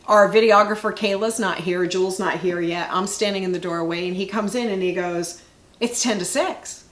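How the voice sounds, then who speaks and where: A woman's voice: fairly low pitch, steady tone, brisk, fairly bright tone. A middle-aged woman co-hosting a casual chat show, steering the talk and chiming in readily. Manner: chatty, steers the conversation. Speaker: podcast co-host. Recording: echoey room.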